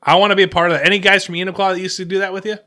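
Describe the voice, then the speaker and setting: A man in casual conversation as a podcast host, his voice sitting somewhat high with a bright, pressing tone. He rambles, doubles back on his words and keeps stories going with loose asides. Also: little pitch movement, rapid-fire. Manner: rambling, trailing off and restarting mid-sentence. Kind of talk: casual chat.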